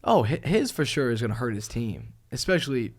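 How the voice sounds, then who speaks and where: A young man hosts a laid-back sports podcast and tells his stories with plenty of energy. His pitch sits in an average middle range, and "bro" and "dude" come up constantly. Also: fairly quick. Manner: animated storytelling, says "bro" and "dude" a lot. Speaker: podcast host. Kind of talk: casual sports chat.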